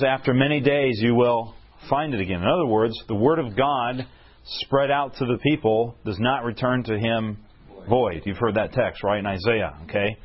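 A husky man delivers a storytelling sermon, animated and often turning to his listeners with questions. His voice sits at an ordinary pitch. The recording is dull and lo-fi. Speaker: preacher.

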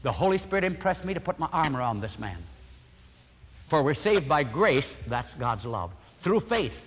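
An older male pastor telling a personal story as a fervent, lively sermon. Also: fairly high pitch, husky, big-room sound.

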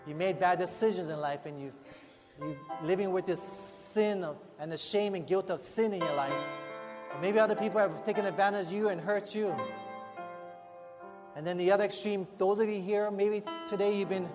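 This man's voice sits high, and he preaches at a moderate pace, earnest and conversational, often addressing rhetorical asides to the congregation. Faint music and long hall reverb fill the recording.

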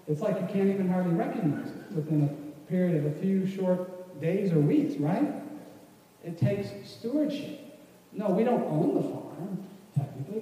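A man's voice: high voice, warm tone. A man giving a folksy, rambling teaching talk to a room, full of restarts. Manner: casual, rambling, many restarts. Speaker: church class speaker. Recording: echoey hall from far off.

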